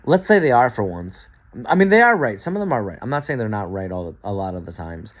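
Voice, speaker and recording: A man's voice: fairly low pitch, sing-song, fast. A man talking straight to the camera in a loose stream of thought. He swears freely and keeps tripping over and restarting his sentences. His voice drops to muttered asides and then jumps up for emphatic bursts. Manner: profane, stream-of-consciousness, many restarts and stumbles; swings between quiet asides and emphatic outbursts. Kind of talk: rambling monologue to camera.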